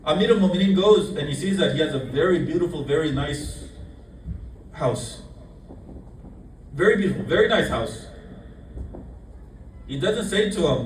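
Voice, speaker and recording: Male preacher, fairly high voice, echoey room from some distance, repeats lines, swings loud and hushed. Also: expressive, moderate pace, pauses often, a little hiss or hum. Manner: repeats key lines for emphasis, shifts between loud and hushed. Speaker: speaker at a Muharram majlis. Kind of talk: sermon. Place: mosque hall.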